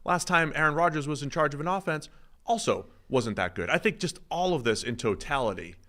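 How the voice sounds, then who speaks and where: A man's voice: a little high, brisk. A man co-hosting a sports podcast, chatting casually and animatedly, sometimes mocking other pundits. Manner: animated, mocking impressions of radio hosts. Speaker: podcast co-host.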